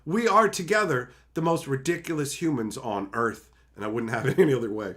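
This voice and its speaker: A man from Canada reading chat messages aloud and chatting casually on his livestream, jokey and animated, often slipping into mocking voices. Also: medium pitch, moderate pace.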